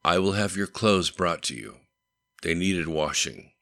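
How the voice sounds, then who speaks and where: A man's voice: sits low, lively intonation, measured pace, bright, forceful tone, full character voice. A man voicing a patient, tactful male hospital doctor who speaks politely and reassuringly.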